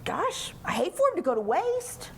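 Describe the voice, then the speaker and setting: A woman's voice: very high voice, sing-song, normal speed, vocal fry, slight background noise, exaggerated voice. A woman voicing a king's servant, speaking in a chatty, offhand way. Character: gossipy king's servant, casual.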